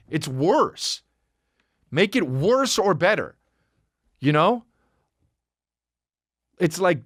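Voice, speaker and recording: A man hosting his podcast as a comedian, ranting in an animated, profane way with sudden high mocking outbursts. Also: no echo, studio quality. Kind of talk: comedic rant.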